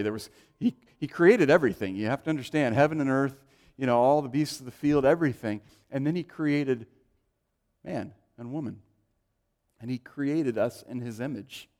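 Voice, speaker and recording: A man's voice: mid-range voice, normal speed. A middle-aged man preaching a sermon, telling stories and acting out the voices of the people in them. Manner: animated, acts out quoted voices in anecdotes. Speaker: pastor. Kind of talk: sermon with storytelling.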